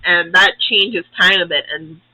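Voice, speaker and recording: A young man with a high, very bright voice gives a casual, swear-filled recap of a show, rambling from point to point. The recording is dry and close, with no room sound at all. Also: steady tone, a little slow, no echo, poor audio. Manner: profane, rambling, acts out characters. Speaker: YouTube host.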